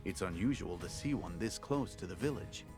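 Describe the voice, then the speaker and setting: A game master narrating a card game story, voice swings up and down a lot, theatrical, soft music under it. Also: male voice, low voice, animated, normal speed. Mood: storytelling.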